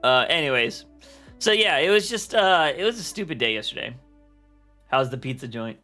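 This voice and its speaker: A man's voice: medium pitch, very animated, normal speed, bright, forceful tone, faint music behind. A young man chatting casually on a livestream, rambling with lots of fillers and restarts. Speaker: streamer.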